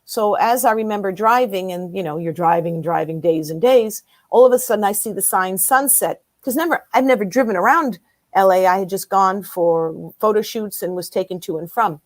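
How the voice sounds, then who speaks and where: A woman's voice: medium pitch, normal speed, no echo. A woman in her fifties, a guest in an interview, telling a personal story casually and acting out the dialogue as she goes. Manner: animated storyteller who acts out quoted dialogue.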